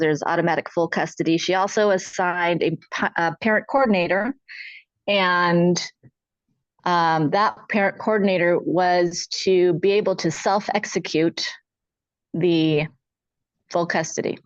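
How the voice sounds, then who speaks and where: A woman's voice: on the low side, no echo. Middle-aged woman talking it through, earnest and upset, dull lo-fi audio, dry no room sound. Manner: earnest, distressed, recounting in detail. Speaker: panel guest. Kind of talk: personal account on a podcast panel.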